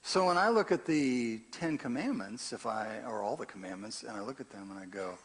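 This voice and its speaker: An older man preaching a sermon in a conversational way, dropping to quiet asides and rising to loud, emphatic scripture reading. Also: mid-range voice, animated, fairly quick. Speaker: pastor.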